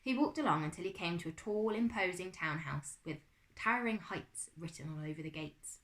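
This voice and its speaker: A woman teacher reading a children's novel aloud to her class, with expressive storytelling. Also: lowish voice, fairly quick. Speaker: primary school teacher.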